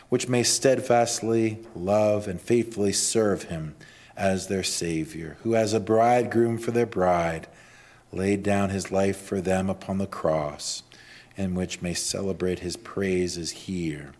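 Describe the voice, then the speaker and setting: A man preaching a sermon. He builds to loud emphatic peaks, then drops low and quiet, and reads scripture and creeds in a measured cadence.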